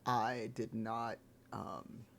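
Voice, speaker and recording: A man streaming live, chatting casually with viewers in a rambling, laid-back way, his voice gravelly this morning. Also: lowish voice, flat delivery, very slow, fairly bright tone, a little hiss or hum. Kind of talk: casual chat.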